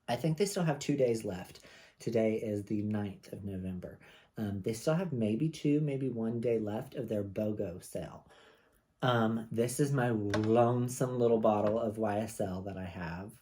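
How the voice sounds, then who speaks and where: A man's voice: fairly low pitch, dark tone. A man in his mid-thirties reviewing fragrances in casual, rambling home-studio chat with frequent asides. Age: 30s.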